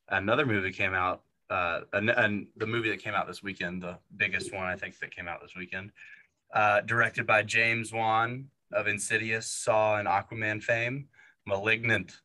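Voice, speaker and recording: A man's voice: fairly low pitch, fairly even intonation, moderate pace, sharp tone. A man co-hosting a casual movie podcast, rambling with lots of fillers and restarts. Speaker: podcast co-host.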